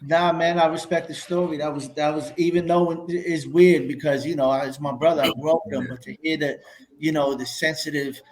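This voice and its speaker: Heartfelt New podcast host. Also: male voice, a little high, steady tone, fairly quick, darkish tone, poor audio. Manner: heartfelt and loose, with restarts and slang. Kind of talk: casual interview talk.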